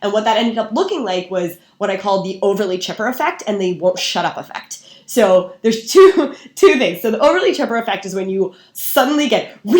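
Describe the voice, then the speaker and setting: A woman on a podcast who talks sales in a relaxed, chatty way, sometimes acting out over-the-top quotes. Her voice sits in a middle range. The recording has a roomy echo. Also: mid-range voice, a little fast, few pauses. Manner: lively, acts out gushing quotes. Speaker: guest sales and marketing expert. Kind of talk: casual podcast chat.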